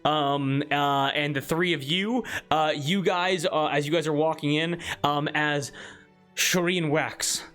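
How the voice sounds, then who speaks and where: Guy running a tabletop game, kinda halting, lots of ums. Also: a little high, fairly even intonation, fairly bright tone, clean tone, faint music behind. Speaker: game master.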